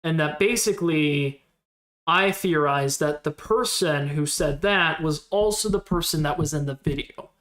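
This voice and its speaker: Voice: mid-range voice, unhurried, fairly bright tone. Rambling streamer thinking aloud. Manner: replies to chat in passing. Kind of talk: casual live-stream commentary.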